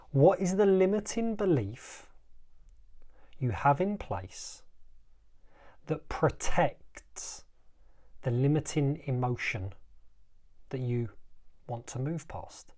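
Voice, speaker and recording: A man's voice: on the high side, darkish tone. Emphatic man hosting a motivational podcast. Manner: emphatic, repetitive, slows for dramatic effect. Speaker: life coach, podcast host.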